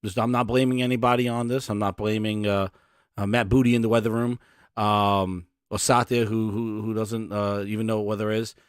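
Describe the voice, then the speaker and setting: A man doing a comedic impression of a middle-aged male executive playing a TV weatherman, contrite and halting with many ums and uhs. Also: fairly low pitch, little pitch movement, smooth, dry recording, clean studio sound, pitched below the performer's own voice, close to an everyday voice. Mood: sheepish apology.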